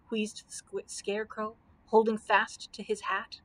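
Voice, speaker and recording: A woman librarian reading a children's book aloud, steady with small slips. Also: medium pitch, unhurried. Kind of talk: storybook read-aloud.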